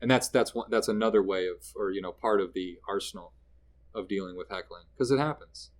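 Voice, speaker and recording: He's a comedian from Canada, guesting in an informal interview with a lowish voice and a fairly quick delivery. His storytelling is animated, and he acts out quoted characters in the middle of each anecdote.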